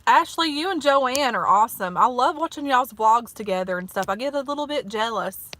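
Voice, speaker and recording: A woman's voice: fairly high pitch, lively intonation, a little fast, bright, forceful tone. A woman in her thirties with a Southern US accent, chatting casually in a folksy way from her parked car for her vlog. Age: 30s. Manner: chatty and folksy, peppered with "honey" and "like". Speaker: vlogger. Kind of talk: casual eat-with-me vlog chat.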